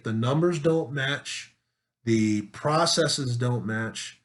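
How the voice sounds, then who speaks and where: A male political commentator speaking straight to his audience in an insistent opinion monologue. He is forceful and emphatic, stumbling over repeated words and firing off rhetorical questions. His voice sits at a middle pitch for a man. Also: sing-song, takes it slowly.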